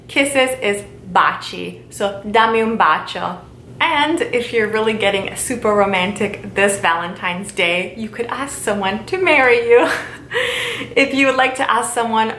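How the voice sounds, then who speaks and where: A woman teaching a casual video lesson, repeating example phrases slowly and carefully. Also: fairly bright tone. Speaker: language teacher. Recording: echoey room with faint rumble.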